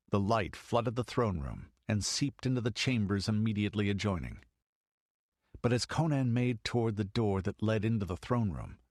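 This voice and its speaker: The clip features scripted narration for an audiobook by a man whose pitch is fairly low. He tells the story in a measured, even way, recorded at studio quality without any room sound.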